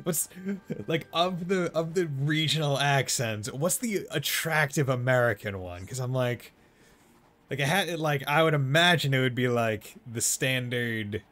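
A man's voice: medium pitch, fairly bright tone. A man with a Boston accent streaming a video game, chatting casually and rambling with lots of fillers. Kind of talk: casual let's-play chat. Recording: faint game music behind.

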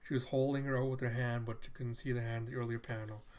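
A man of middling pitch talks through a comic book scene by scene in a relaxed, conversational retelling. He keeps backing up to fix a name or detail partway through a sentence, and he never sounds scripted. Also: fast talker. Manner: chatty, retells scenes loosely and corrects himself mid-sentence. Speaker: comic book reader and commentator. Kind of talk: casual read-through narration.

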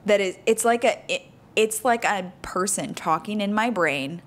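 A woman co-hosts a relaxed married-couple podcast. She talks casually and animatedly, laughing often and speeding through explanations at a mid pitch. A faint rumble of noise sits behind her voice. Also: moderate pace. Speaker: podcast co-host.

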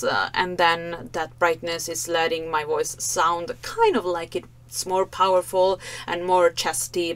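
Woman vocal coach, lowish voice, unhurried, filler-heavy analysis. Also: fairly bright tone. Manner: thoughtful, many fillers, demonstrates vocal sounds. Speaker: vocal coach reacting to a performance. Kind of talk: reaction video analysis.

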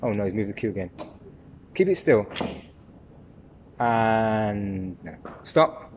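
A man's voice: lowish voice, lively intonation, slow, slight background noise. A man vlogging as a dad, playfully teasing and coaching while filming on a handheld camera at a pool table in an indoor entertainment centre. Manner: playful, teasing, repeats a catchphrase. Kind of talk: casual chat.

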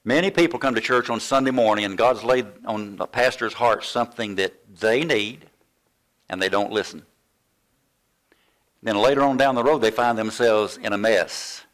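A man's voice: lowish voice, moderate pace. An older man preaching a sermon, telling a story from his student days and acting out the voices of the people in it. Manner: animated storytelling, acts out quoted voices. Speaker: pastor.

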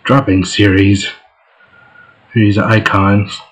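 Slow, laid-back male gamer. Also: lowish voice, flat delivery, a bit bright, rough recording. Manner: laid-back, drawn-out, joking. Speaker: let's play host. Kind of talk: casual gameplay commentary.

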